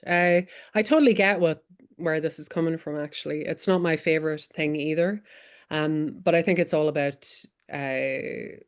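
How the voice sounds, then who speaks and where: A woman film director speaking as a panel guest, relaxed and easygoing. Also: low voice, clean tone. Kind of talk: panel discussion.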